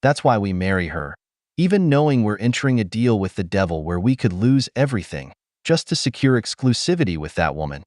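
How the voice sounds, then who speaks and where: A preachy man narrates scripted commentary in a lowish voice that rises and falls widely. He speaks straight to his listeners in a dry, close recording. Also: big pitch swings, fairly quick, darkish tone, no echo. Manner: preachy, addresses listeners as brothers.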